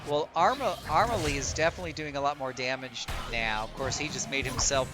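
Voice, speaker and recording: A man's voice: brisk, over music. Chatty man streaming a game. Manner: chatty, talks straight to viewers, jumps into high playful tones. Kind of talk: live gameplay commentary.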